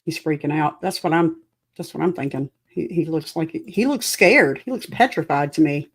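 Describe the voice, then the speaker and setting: A woman's voice: low voice, moderate pace, slightly rough. A woman hosting a livestream, reacting anxiously and chatting with viewers. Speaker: livestream host. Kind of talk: live reaction commentary. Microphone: home streaming setup.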